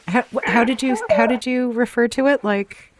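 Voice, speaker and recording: A woman's voice: a little high, fairly even intonation, normal speed, a crowd in the background. A woman hosting a podcast, asking curious and encouraging questions. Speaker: podcast host. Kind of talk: casual interview chat.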